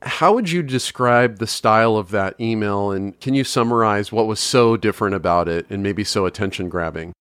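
Smooth lowish man asking questions. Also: normal speed, few pauses, a bit bright, dry recording, studio quality. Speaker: interview host. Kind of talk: interview questions.

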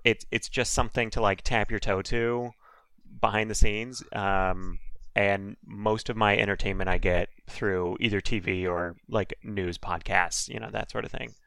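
A man's voice: lowish voice, fairly even intonation, moderate pace, vocal fry, fairly bright tone, clear, resonant tone, no echo. A man co-hosting a podcast in casual chat, rambling with fillers and swearing. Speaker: podcast co-host.

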